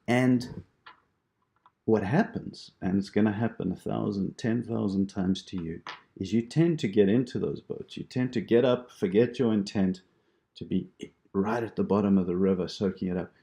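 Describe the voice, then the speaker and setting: A man teaching a prayer practice, explaining it gently and reassuringly with imagery. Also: fairly low pitch, moderate pace, creaky. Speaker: meditation teacher. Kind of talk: instructional talk on prayer practice.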